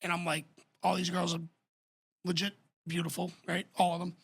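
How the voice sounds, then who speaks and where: A man spins an animated, profane story on a casual podcast. His voice is gravelly and a little husky with a bright, forceful edge. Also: sits high, moderate pace. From Boston. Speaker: podcast co-host.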